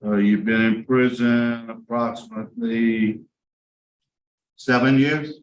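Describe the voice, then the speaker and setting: A man's voice: mid-range voice, steady tone, slow. A man, a parole board member asking probing questions in a plain, filler-laden way. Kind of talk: interviewing at a hearing. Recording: roomy hearing room with faint noise.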